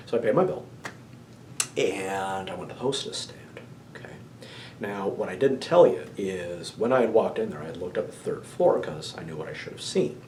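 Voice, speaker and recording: A man who runs a ghost tour telling a ghost story, often dropping into hushed asides and checking in with "okay?". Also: low voice, normal speed, echoey room, a little hiss or hum, low-quality recording.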